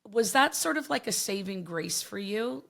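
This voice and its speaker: A woman's voice: medium pitch, animated, normal speed, gravelly. Effusive woman podcast host. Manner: warm, effusive, emotional reactions. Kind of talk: conversational interview.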